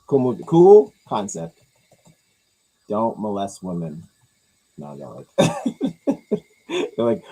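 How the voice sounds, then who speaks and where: Husky guy riffing on movie news, crude jokes, pitch jumps all over, mumbles the asides. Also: sing-song, takes it slowly, long pauses, darkish tone, poor audio. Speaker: host reacting to movie news. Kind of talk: casual chat.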